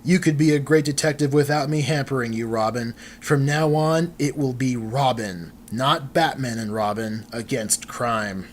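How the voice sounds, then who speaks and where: A man voicing a shaken masked hero who has lost his memory, in a comic book dramatic reading, slow and solemn. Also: medium pitch, slight background noise, close to an everyday voice.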